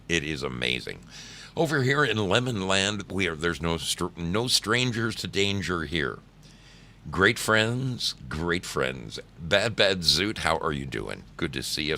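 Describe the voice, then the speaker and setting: Very deep-voiced, bright-toned man. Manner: chatty, laid-back storytelling with swearing. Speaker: streamer greeting chat. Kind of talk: casual live-stream chat.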